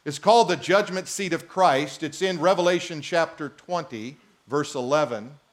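A man preaching a sermon as a pastor, reading scripture aloud and joking with the congregation in an animated way. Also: a little high, normal speed.

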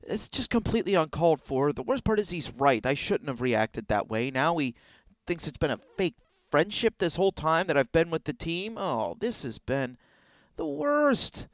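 Exasperated podcast host, lively voice. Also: male voice, fairly high pitch, normal speed, dry recording. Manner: exasperated, theatrical outbursts. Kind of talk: comedic sketch.

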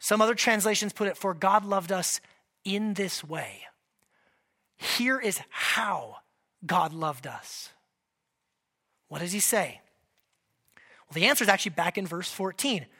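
A man's voice: high-pitched, normal speed, sharp tone. A man preaching a sermon as pastor, talking conversationally and checking in with the congregation. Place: church in Washington state.

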